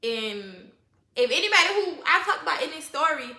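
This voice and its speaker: A woman telling a storytime vlog straight to her viewers, animated and heavily profane. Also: sits high, moderate pace, reverberant. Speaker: vlogger.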